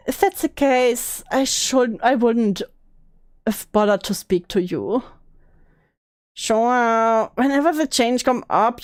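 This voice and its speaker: Young woman, casual stream talk, slow unhurried pace, emotional, swears a lot. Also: on the high side, a little mellow, no room sound, clean studio sound. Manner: emotional, swearing, laughing often.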